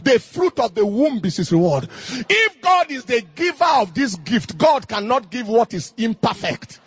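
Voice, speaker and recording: A middle-aged man preaching a fervent sermon in King James cadence, rising into shouted bursts. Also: very high-pitched, big pitch swings, normal speed, breathy edge.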